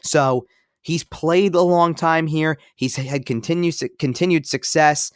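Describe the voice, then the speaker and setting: A man's voice: on the high side, a little slow, clean tone, no room sound, clean studio sound. A man co-hosting a podcast in casual sports talk, rambling and repeating himself with many fillers. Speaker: podcast co-host.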